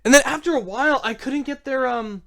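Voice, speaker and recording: A man hosting a casual podcast chat, talking excitedly and rambling with lots of swearing. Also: very high-pitched, fairly quick, gravelly, dry recording, studio quality. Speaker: podcast host.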